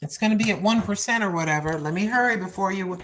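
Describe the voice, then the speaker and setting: Live-streaming on her phone during an outdoor walk, an older woman talks fast in a mid-range voice. She is chatty and preachy and talks to herself, with a little hiss or hum in the audio.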